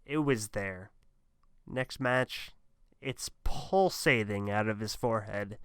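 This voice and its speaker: Male host, sarcastic reaction commentary, slow deadpan delivery, dry mic. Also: fairly low pitch, clean tone, no echo. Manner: sarcastic, mocking, deadpan asides.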